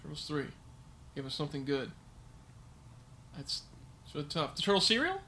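A man co-hosting a casual chat about old toys and movies, nostalgic and quick to agree. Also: on the high side, sing-song, sharp tone, slight background noise. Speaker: podcast co-host.

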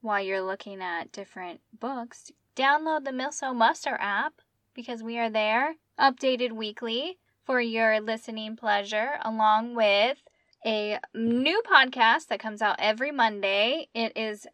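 A woman's voice: on the high side, unhurried, fairly bright tone, dry recording. A woman in her thirties co-hosting a podcast, chatting casually and laughing easily. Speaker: podcast co-host. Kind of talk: casual chat.

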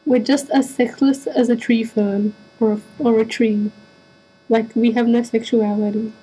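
A woman's voice: a little high, flat delivery, measured pace, warm tone, breathy edge, soft background music, rough recording. A young woman, a university student, chatting casually with a friend and teasing her, with lots of fillers. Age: young adult. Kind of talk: casual chat.

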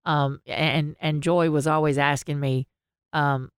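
Lady podcaster, low smooth voice, dry close sound, laughs and cusses a lot. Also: moderate pace, no echo. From American South. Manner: rambling storyteller, laughs often, swears freely. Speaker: podcast co-host. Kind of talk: casual chat.

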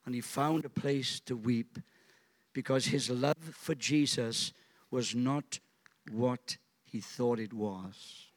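A man preaching a sermon in a church, acting out quotes dramatically and throwing in jokey asides. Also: vocal fry. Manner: dramatic, acts out quotes with big pitch swings. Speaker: pastor.

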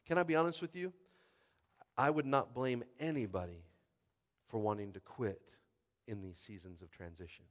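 A male pastor delivers a sermon in a loose, conversational way, calling out to his listeners and checking that they are with him. He climbs to shouted peaks, then drops to near-hushed lines. His voice rings with the long reverb of a big hall. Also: fairly high pitch, animated, a little slow. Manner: swings from loud exhortation to hushed speech; conversational, asks the crowd for response.

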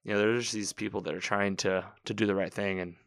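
Guy rambling through a tv recap, kinda low voice, dry sound. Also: fairly even intonation, fast, no echo. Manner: chatty, rambling, self-correcting, quoting characters. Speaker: TV episode recapper. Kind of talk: casual episode recap.

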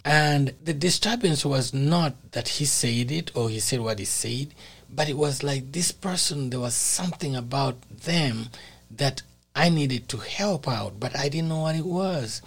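A man's voice: medium pitch, gravelly, a bit bright, slightly rough. A man preaching, telling a personal testimony in an earnest storytelling manner that rises to emphatic peaks. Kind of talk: sermon testimony.

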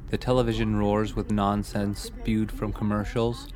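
A man narrates a satirical story in a dry, matter-of-fact voice. His pitch sits slightly low, steady through the telling. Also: unhurried, faint music behind.

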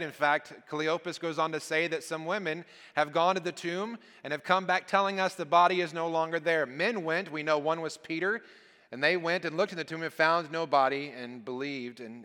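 The long reverb of a church hall carries the voice of a guest preacher, fairly high-pitched, bright, and forceful. He reads scripture aloud, then explains it with earnest emphasis and phrase endings that drop.

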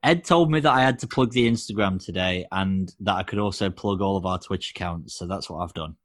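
A man's voice: low voice, fairly quick, dry recording, clean studio sound. A man co-hosting a podcast, chatting in a laid-back, joking way. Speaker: podcast co-host. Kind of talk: casual chat.

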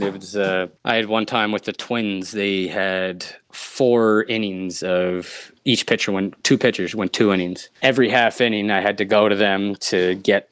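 A young man with a low voice tells umpiring stories in a relaxed interview, breaking into laughter now and then. His voice is recorded close and dry, with no room sound. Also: smooth, no room sound. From Nova Scotia, Canada. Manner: animated anecdotes, laughs often. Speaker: minor league umpire, guest. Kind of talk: casual storytelling interview.

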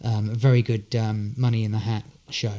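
A man's voice: fairly low pitch, level tone, a little fast, dark tone, muffled recording. A man telling a long anecdote as a podcast guest, full of fillers and restarts. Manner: rambling storyteller, many fillers and restarts. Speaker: guest, street performer.

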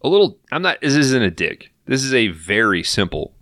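A man on a podcast recapping a film in casual, profane, animated storytelling, acting out the characters' lines as he goes. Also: mid-range voice, normal speed, dry recording, clean studio sound.

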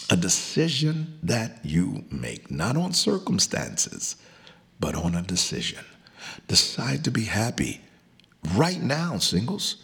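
Deep preaching man, gravelly and animated. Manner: preachy, repeats words, leads call-and-response declarations. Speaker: radio preacher. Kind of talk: radio sermon to singles.

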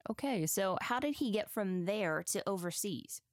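A woman co-hosts a podcast, moving the story along with questions and light, friendly teasing. Her voice sits at a middle pitch and is recorded close and dry. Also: expressive, normal speed, no echo. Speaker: podcast co-host. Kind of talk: conversational interviewing.

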